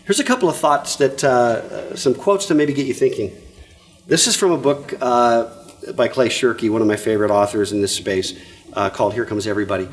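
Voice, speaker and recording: An older man presenting to an audience in a lively, jokey way, often checking in with listeners. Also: mid-range voice, fairly quick. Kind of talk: lively conference talk.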